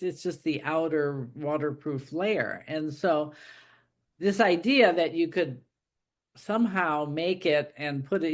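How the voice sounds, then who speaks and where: A woman who hosts the show and writes books, talking casually and thinking aloud with many restarts. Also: low voice. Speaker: host and author. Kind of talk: casual conversation.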